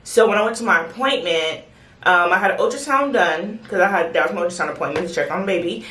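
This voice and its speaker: A woman telling her birth story in a casual, excited, chatty way, acting out the voices of the people in it. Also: on the low side, fast. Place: home bathroom. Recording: echoey bathroom.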